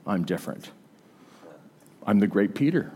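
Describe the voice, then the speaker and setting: A man's voice: lowish voice, expressive, unhurried, a little mellow, husky, voice pushed down. A man voicing a brash, impulsive, boastful male disciple in a cocky, overconfident manner. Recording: long hall reverb.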